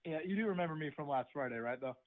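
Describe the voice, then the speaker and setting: A man's voice: fairly high pitch, expressive. Young male caller on a tinny phone line. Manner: halting, filler-heavy recap. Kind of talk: phone story recap.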